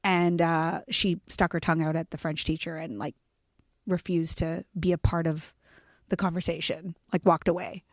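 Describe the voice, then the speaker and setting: A woman's voice: sits low, moderate pace, dry recording, studio quality. A woman co-hosting a podcast, telling a family story in casual chat and acting out quotes. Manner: animated storyteller, acts out quotes. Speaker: podcast co-host.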